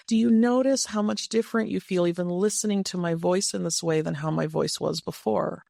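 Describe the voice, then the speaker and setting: A podcast host giving gentle, reflective relationship advice in a monologue, now and then playful. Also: mid-range voice, fairly quick, creaky, no echo, studio quality. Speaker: podcast host and couples coach.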